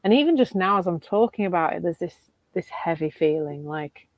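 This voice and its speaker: A middle-aged woman from England, thinking aloud in a reflective chat as a podcast co-host, animated and quick to laugh. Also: lowish voice, no room sound. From Northern England.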